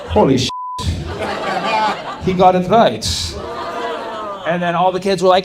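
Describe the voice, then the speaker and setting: A man doing stand-up comedy on a club stage, telling a story with loud, animated bursts and shouted impressions. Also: a little high, quick pace, long pauses, crowd noise. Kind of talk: stand-up crowd work and storytelling. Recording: live club recording with audience noise. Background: audience ambience.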